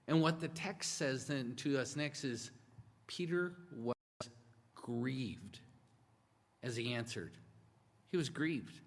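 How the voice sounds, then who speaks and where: A man's voice: a little high, animated, unhurried, slightly rough. A man preaching a sermon in an earnest, conversational way, stretching out the words he wants to stress. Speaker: pastor. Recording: long hall reverb.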